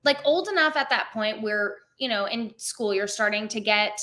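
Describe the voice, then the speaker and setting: Young woman, slightly high, very bright voice, chatty, lots of fillers, casual interview. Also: normal speed. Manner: chatty, many "like" fillers, laughs often. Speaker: theme park performer, interview guest.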